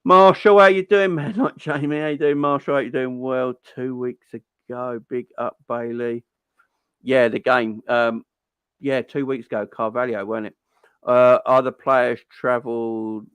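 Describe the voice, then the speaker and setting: A young man hosting a casual football fan livestream, chatty and giving shout-outs to viewers. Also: medium pitch, little pitch movement, unhurried, clear, resonant tone, no echo.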